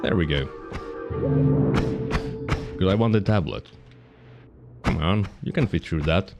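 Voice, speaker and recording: A man with a low, deep voice and a Finnish accent talks through a game as he streams. He rambles, corrects himself mid-thought and explains the mechanics in casual detail, with soft music faint in the background. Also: animated, measured pace, dull audio. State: hiccuping. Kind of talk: casual gameplay commentary.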